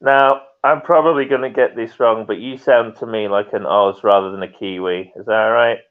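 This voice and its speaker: A man's voice: lowish voice, steady tone, moderate pace, narrow, tinny audio. A man hosting a live online chat show, talking casually and laughing often.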